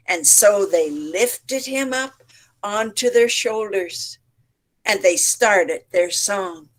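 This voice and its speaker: A woman storyteller speaking slowly and deliberately, leaning into each phrase. She tells folk tales with lively expression, acting out the sounds and voices as she goes. She sounds like she is on a video call. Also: medium pitch. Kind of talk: participation storytelling for teachers. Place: home setup, online session.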